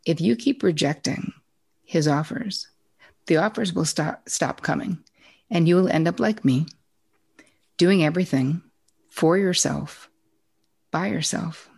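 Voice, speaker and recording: A woman voicing her own mother, giving firm, slow, insistent advice. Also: fairly low pitch, vocal fry, darkish tone, slightly rough, full character voice.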